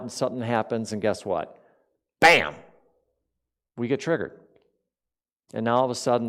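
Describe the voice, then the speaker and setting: A man giving a conversational sermon to a spiritual community. He asks the congregation questions and swings from loud emphasis to quiet asides. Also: mid-range voice.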